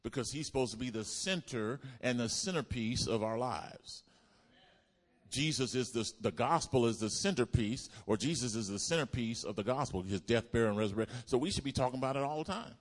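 A pastor preaching a sermon to his congregation, asking them to repeat lines back and building up to loud exclamations. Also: medium pitch, lively intonation, a little fast. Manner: call-and-response preaching, builds to shouts. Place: church.

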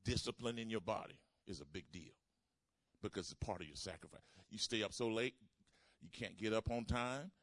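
Man, pastor, low voice, dry close sound, playful call-and-response preaching. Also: moderate pace, a bit bright, dry recording. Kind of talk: sermon.

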